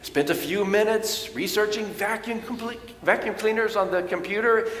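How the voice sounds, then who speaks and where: High-voiced pastor preaching in echoey church. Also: male voice, normal speed. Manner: storytelling, animated when quoting others. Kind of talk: sermon. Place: church sanctuary. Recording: echoey church hall with long reverb.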